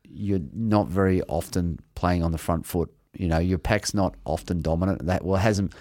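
Deep-voiced blunt rugby pundit man. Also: steady tone, normal speed, dark tone, dry recording, studio quality. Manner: blunt, emphatic opinions. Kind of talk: casual sports chat.

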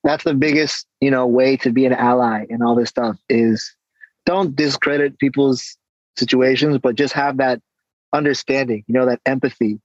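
A man guest on an interview, casually telling stories and acting out exchanges with lively energy. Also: medium pitch, normal speed, no room sound, highs cut off. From San Diego, California. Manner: animated storytelling, acts out exchanges. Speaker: guest, hip-hop artist and coach.

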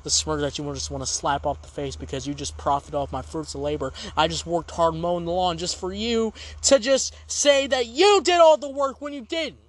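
High-voiced man ranting in exasperation. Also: moderate pace, hardly any pauses. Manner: exasperated, ranting, repetitive complaints. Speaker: podcast host and game reviewer. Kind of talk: ranting game review.

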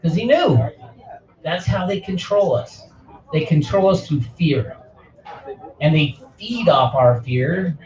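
Middle-aged man, fiery ranting channel host, fairly high voice, distant roomy lo-fi sound. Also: expressive, slow, long pauses, a crowd in the background. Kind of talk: impassioned speech.

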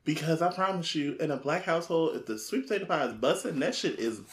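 Excitable podcast co-host in a roomy echo. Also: mid-range voice, fast talker. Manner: excitable, chiming in, playful. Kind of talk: casual chat.

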